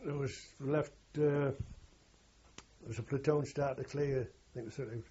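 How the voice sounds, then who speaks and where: A man's voice: medium pitch, steady tone, measured pace, dark tone, highs cut off, slight background noise. An older man, recalling his wartime experience in a rambling, earthy way and correcting himself as he goes. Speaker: war veteran interviewee. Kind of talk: oral history recollection.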